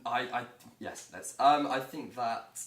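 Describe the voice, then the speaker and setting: A man's voice: medium pitch, slow, fairly bright tone. A young man hosting a student talk show, playful and teasing, laughing often. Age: young adult. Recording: roomy sound from a distant mic with background noise.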